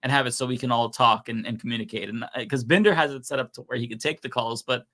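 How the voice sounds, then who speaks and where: Bright-voiced man chatting on a livestream. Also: mid-range voice, fast. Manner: rambling, filler-heavy, laughs easily. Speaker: co-host reading donations. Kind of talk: casual livestream chat.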